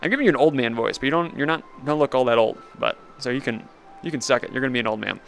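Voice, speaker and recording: Young guy streaming a vr game, rambly, laughs a lot, bit gravelly. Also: medium pitch, racing, slight background noise. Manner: rambling, laughs often, self-mocking. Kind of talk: casual gaming commentary.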